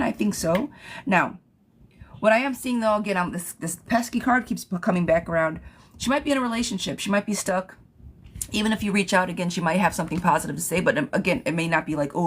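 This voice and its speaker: On a livestream, a woman with a mid-range voice does yes-or-no tarot readings, chatting casually as she reads viewer questions aloud and thanks commenters. There's slight background noise.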